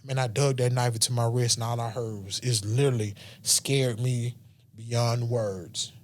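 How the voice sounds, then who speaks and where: A man's voice: mid-range voice, flat delivery, a little fast, a little mellow. A man who is a podcast guest telling a personal story in an earnest, emotional way, sometimes dropping to a near-whisper. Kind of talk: personal storytelling in a casual chat.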